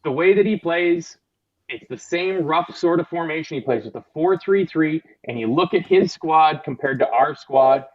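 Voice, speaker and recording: A man's voice: on the high side, moderate pace, no room sound, lo-fi sound. A man chatting casually as a fan panelist, jokey and thinking aloud. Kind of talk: casual chat.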